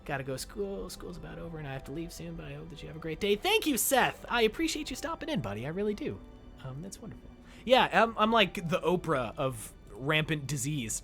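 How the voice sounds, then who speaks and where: A man streaming a video game, talking casually with his viewers in a loud, jokey, excitable way. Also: fairly high pitch, fairly quick, faint music behind. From United States. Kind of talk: casual live-stream commentary. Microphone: desk microphone.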